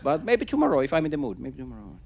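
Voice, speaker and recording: A man on a comedy stage quoting a woman he dated, in a calm, explaining tone and in close to his own voice. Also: medium pitch, very fast, gravelly, slight background noise. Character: matter-of-fact woman he dated.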